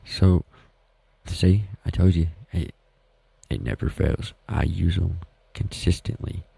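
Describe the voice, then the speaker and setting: A man's voice: deep voice, lively intonation, slow, gravelly, dark tone, husky, dry recording, low-quality recording. A man with a Southern US accent hosting a podcast, talking in a rambling, folksy, self-deprecating way. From Southern United States. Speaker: podcast host. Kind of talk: casual solo podcast talk. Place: home.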